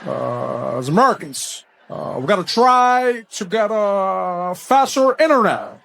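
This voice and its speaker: A male comedian doing an impression of an American president who speaks slowly and haltingly, with long "uh" pauses. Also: high voice, animated, vocal fry, a bit bright, full character voice. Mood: deliberate. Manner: slow, halting, full of "uh" pauses.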